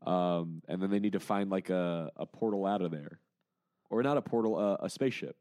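A man's voice: deep voice, a little fast, no echo, studio quality. A man co-hosting a podcast, recapping a comic book story in casual chat and acting out the characters as he goes. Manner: animated storyteller who acts out characters. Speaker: podcast co-host.

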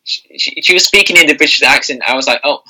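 Podcast guy with a super bright sharp voice, rambles, lots of likes and um. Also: a little high, quick pace, rough recording. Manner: rambling, heavy on fillers and restarts. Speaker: podcast co-host. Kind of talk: casual chat.

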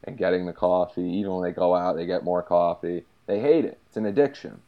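A man's voice: low-pitched, brisk, vocal fry. A man co-hosting a podcast, chatting casually and jokingly about films, often slipping into mocking quoted voices. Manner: animated, jokey, does mocking quoted voices. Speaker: podcast co-host. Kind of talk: casual film chat. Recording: dull lo-fi sound.

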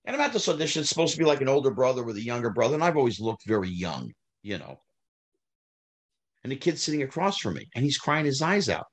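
A middle-aged man, telling stories in a casual interview, animated, climbing high when heated and trailing off low. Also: fast talker, breathy edge. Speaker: guest, former child actor.

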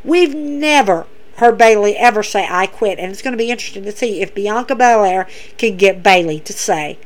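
A woman's voice: mid-range voice, expressive, moderate pace, few pauses. A woman hosting a podcast, recapping in a casual, chatty way, emphatic and repeating herself as she talks to her listeners. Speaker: podcast host.

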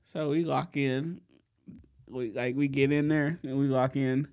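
A man hosting a podcast, telling a long, profane story in a relaxed way and laughing often. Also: mid-range voice, a little slow. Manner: laid-back, profane, laughs often while telling stories. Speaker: podcast host. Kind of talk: casual storytelling chat.

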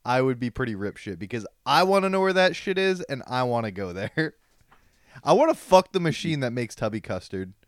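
Young male podcaster, crude goof, lively swinging pitch, smooth voice. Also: normal speed, dry recording, studio quality. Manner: goofy, crude joker. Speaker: podcast co-host. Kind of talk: casual chat.

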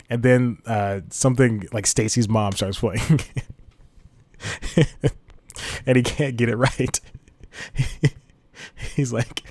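A man's voice: lowish voice, fairly even intonation, moderate pace, a little mellow, no echo. A man hosting a casual solo podcast, rambling and laughing at his own jokes. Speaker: podcast host.

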